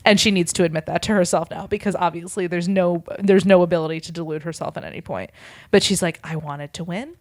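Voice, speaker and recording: A woman podcast host reading a fan fiction story aloud, voicing the dialogue in a hushed, deadpan way. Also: on the low side, quick pace, no room sound, clean studio sound. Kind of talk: casual reading aloud with chat.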